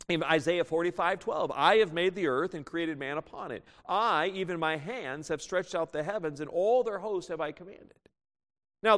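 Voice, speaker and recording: A man preaching a sermon, teaching from scripture and acting out the voices of the people he quotes. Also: sits high. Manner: animated, acts out quoted voices. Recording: long reverb of a hall.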